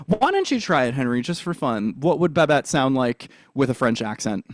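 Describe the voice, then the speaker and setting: A man's voice: mid-range voice, big pitch swings, normal speed, no room sound, clean studio sound. A man coaching a theater class on accents, upbeat and encouraging as he demonstrates lines. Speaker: drama coach.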